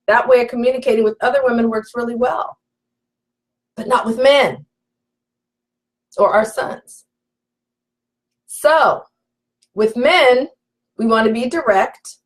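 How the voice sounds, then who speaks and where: A woman's voice: on the high side, rough recording. A woman relationship coach teaching live, emphatic and preachy, repeating her key points and calling out to viewers. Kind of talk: live-stream teaching, reading viewer comments.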